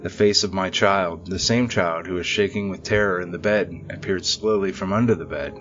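A man narrating a scripted horror story in a measured, steady way. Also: sits low, lo-fi sound, faint music behind.

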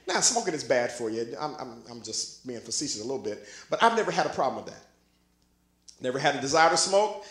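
High-voiced man preaching a sermon. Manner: jokey and conversational, building to shouted emphasis. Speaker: bishop preaching. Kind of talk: live sermon. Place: church sanctuary with congregation. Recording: echoey church recording.

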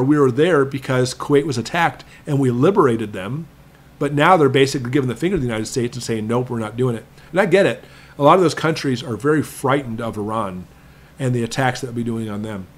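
Guy doing a prepping livestream q&a, emphatic, lecture-y, slows way down to hammer points. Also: mid-range voice. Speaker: prepping channel host. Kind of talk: live stream Q&A.

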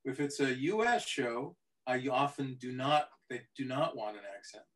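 A man, an actor being interviewed, telling stories in an animated way and briefly mimicking other people. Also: mid-range voice, normal speed, poor audio. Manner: animated anecdotes, mimics voices, chuckles. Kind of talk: conversational interview storytelling.

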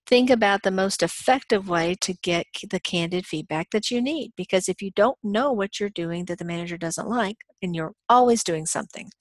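A woman's voice: mid-range voice, moderate pace, few pauses, no room sound. A woman giving a recorded college lecture in a conversational way, full of fillers and self-corrections.

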